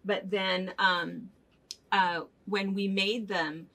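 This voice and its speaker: A woman's voice: medium pitch, steady tone, very slow, pushed and bright. An older woman co-hosting a casual chat show, telling stories in a chatty way and laughing often as she goes. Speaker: co-host of a fabric shop chat show.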